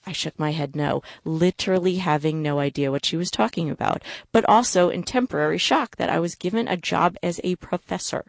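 Woman, low and gravelly, dry close sound; wry first-person storyteller. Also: normal speed, no room sound. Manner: wry, self-mocking delivery.

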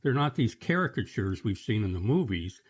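A man's voice: lowish voice, very animated, normal speed, husky. A man hosting a show about stories, interviewing a guest in an attentive, affirming way. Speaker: host of a story show. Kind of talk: interview conversation.

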